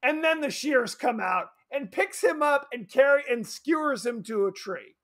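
A man's voice: very high-pitched, expressive, normal speed, fairly bright tone. A man co-hosting a horror movie podcast, chatting casually and acting out scenes with exaggerated voices. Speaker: podcast co-host.

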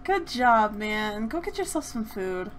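A young woman hosting a let's play, chatting through the game in an animated, gushing way with bursts of laughter. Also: on the high side, measured pace, slight background noise. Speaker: gaming channel host.

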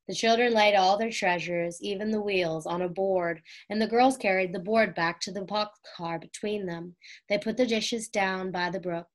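A woman reading a children's chapter book aloud in a calm, clear and measured way. Her voice sits at an ordinary middle pitch for a woman. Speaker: reader. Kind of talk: storybook read-aloud narration.

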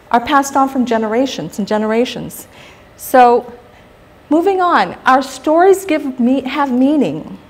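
A middle-aged woman from Guam, giving a public talk and telling stories animatedly, often putting questions to the audience. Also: sits high. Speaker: guest speaker.

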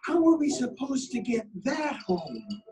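Male reader as storybook mom, fretful and groaning, high lively voice, off-mic. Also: measured pace, recorded from a distance, exaggerated voice, rough recording. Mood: exasperated. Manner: fretful, protesting. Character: worried exasperated mother, adult woman.

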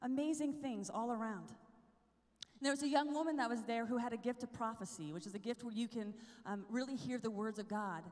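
A young woman giving a lively, chatty preaching talk at a youth conference, often checking in with the crowd. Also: fairly high pitch, a little fast. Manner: energetic, chatty, asks the crowd "right?" often. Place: large conference hall with a live crowd. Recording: live talk in a big reverberant hall.

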